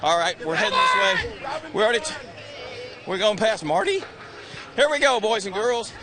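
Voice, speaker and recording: A man's voice: high-pitched, wildly swooping pitch, fairly quick, some chatter behind. A man in his sixties, out of breath, teasing drivers during live interviews outdoors on a racing grid. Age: 60s. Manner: joking, teasing, shouts greetings. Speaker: pit reporter.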